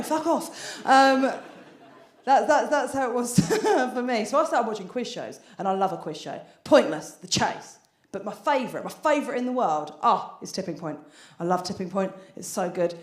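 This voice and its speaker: On a theatre stage in front of an audience, a comedian delivers a talkative set that pokes fun at herself, full of filler and restarts. She has a medium-pitched voice, heard in an echoey space.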